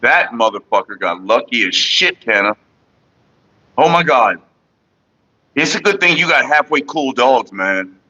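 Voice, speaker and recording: Guy rambling and cussing on a morning stream, bright pushy voice, muffled lo-fi audio. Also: medium pitch, animated, a little slow, pauses often. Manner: profane, rambling, talks to viewers and his partner; sings loudly and off-key at times. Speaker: vlogger. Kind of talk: casual morning livestream chat.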